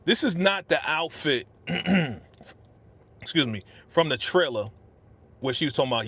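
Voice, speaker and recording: A man's voice: on the high side, animated, measured pace, fairly bright tone, husky. A man hosting a casual live stream, talking in a chatty, slangy way and reading viewer comments aloud into a studio microphone. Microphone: podcast studio microphone.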